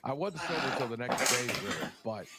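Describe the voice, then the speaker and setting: A man's voice: mid-range voice, expressive, fairly quick, very noisy. A man casually chatting with friends, crude and emphatic, swearing freely. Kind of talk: casual chat among friends.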